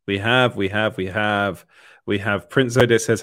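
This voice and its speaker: A man's voice: fairly low pitch, steady tone, normal speed, fairly bright tone, no echo. Dry-mic man hosting a live chat. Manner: chatty, laughs often, filler-heavy. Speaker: livestream host. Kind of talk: casual live chat, reading viewer comments.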